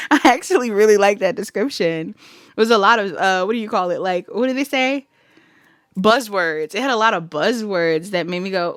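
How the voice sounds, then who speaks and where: A woman's voice: mid-range voice, expressive, normal speed, dry recording, clean studio sound. A woman giving a casual pick-a-card tarot reading to her viewers, chatty, laughing easily and thinking aloud as she goes. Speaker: tarot reader.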